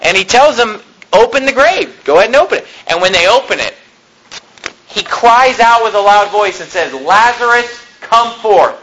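A man's voice: sits high, lively intonation, normal speed, fairly bright tone, low-quality recording. A man preaching a sermon, reading scripture and retelling it in plain, conversational terms with frequent rhetorical questions.

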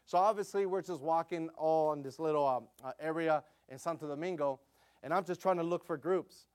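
Delivering a sermon, this man tells a missionary story casually, with plenty of fillers, and often grows loud and forceful. His pitch is on the high side and his pace is brisk.

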